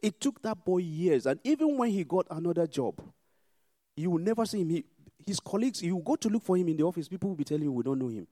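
Male pastor preaching, mellow tone, dry close sound, repeats lines hard then goes quiet for prayer. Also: sits high, expressive, quick pace, no room sound. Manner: emphatic, repetitive, swings between loud exhortation and hushed prayer.

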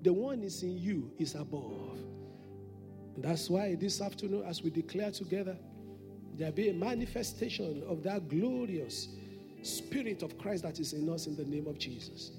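A man's voice: sits high, animated, normal speed, music in the background. A man preaching a Sunday sermon as senior pastor, emphatic and repeating his declarations.

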